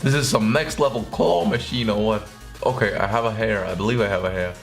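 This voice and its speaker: A man's voice: fairly low pitch, a little fast. Joking young man in an echoey room. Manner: joking, sarcastic, excitable outbursts. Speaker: YouTuber reacting to videos. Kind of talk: casual reaction commentary. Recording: echoey room with faint music.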